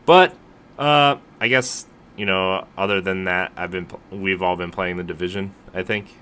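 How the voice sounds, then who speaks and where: A man's voice: low-pitched, normal speed, sharp tone, smooth. A man co-hosting a podcast in casual chat, rambling and joking with plenty of filler words. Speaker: podcast co-host.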